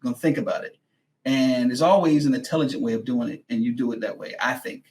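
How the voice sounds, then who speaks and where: A man hosting a talk show, chatting casually with a friend in an animated, teasing way and stretching words out for emphasis. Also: medium pitch, quick pace. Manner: teasing, animated, laughs often. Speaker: show host.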